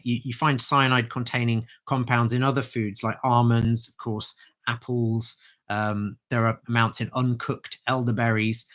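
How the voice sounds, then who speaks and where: A man's voice: mid-range voice, fairly bright tone. A man, an herbalist, explaining herbal remedies in a chatty, informal livestream talk.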